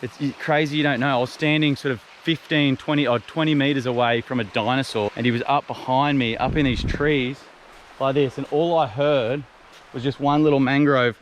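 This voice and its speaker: A young man fishing and filming outdoors on a mangrove beach, talking casually and exclaiming loudly when excited. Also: medium pitch, brisk, a little hiss or hum. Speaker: fishing adventure vlogger. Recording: background music over outdoor audio.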